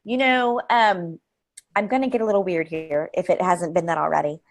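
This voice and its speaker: Woman guest, lively, rambling delivery, interview setting. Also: on the low side, moderate pace. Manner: energetic, rambling, laughs often. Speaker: creativity expert guest. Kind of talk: live interview conversation.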